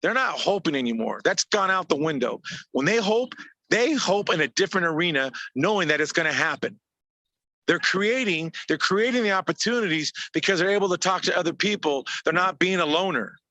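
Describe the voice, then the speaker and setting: Bright, punchy man giving a pep talk. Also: on the high side, lively intonation, brisk, dry recording. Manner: emphatic and repetitive, stacking short phrases. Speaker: business coach. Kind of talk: motivational talk on a video call. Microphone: video call.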